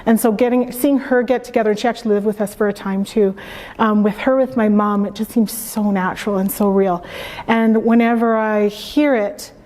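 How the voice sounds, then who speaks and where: Give me a Canadian woman author with a warm, relaxed voice, reading deliberately in a room with long reverb. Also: mid-range voice. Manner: slow, measured reading; relaxed, thoughtful answers. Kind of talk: reading her own book aloud, then answering questions. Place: library event room.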